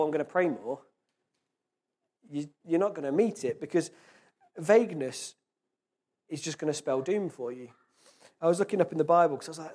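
A man's voice: a little high, a little mellow. Chatty man preaching informally. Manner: conversational, reads scripture slowly with emphasis. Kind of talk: informal sermon.

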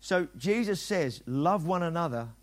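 A middle-aged pastor delivers a sermon in a relaxed, chatty way. His voice sits a little high for a man, and he slips into little acted-out exchanges to make his points. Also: a little slow. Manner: conversational preaching, acts out quoted dialogue.

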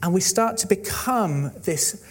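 Man, sermon, slightly high voice, lively storyteller, quotes characters in his own voice. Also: measured pace. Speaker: preacher.

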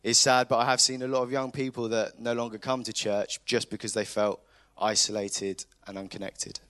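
A man's voice: medium pitch, flat delivery, normal speed, a bit bright, dry recording. A young man speaking earnestly and a little hesitantly at a church service. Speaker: youth group member giving testimony.

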